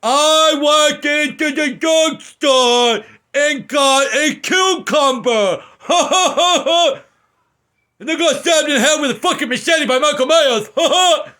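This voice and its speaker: A high, dopey screenwriter guy, as a man puts him on, drawling his words out slow and loud and breaking into cackles. The voice sits far up and pushes hard. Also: heavily acted. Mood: mocking.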